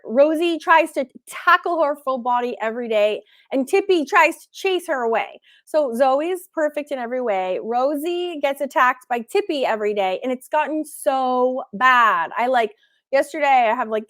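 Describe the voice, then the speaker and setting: Bubbly high-voiced woman gushing excitedly. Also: dry recording, studio quality. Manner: bubbly, excitable, giggly, fills speech with "like". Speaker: online art teacher and host. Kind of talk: casual livestream chat answering viewer comments.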